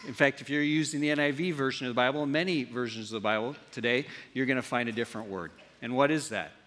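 A man from the preaching a sermon as pastor, animated, often asking the congregation questions. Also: mid-range voice, fast talker, long reverb tail. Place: church hall.

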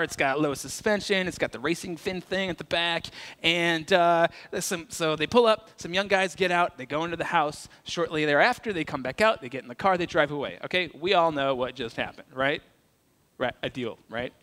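A male pastor gives a conversational sermon with a high, bright voice. He keeps it light with jokes and stories. The sound carries a long church-hall reverb. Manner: conversational, joking storyteller.

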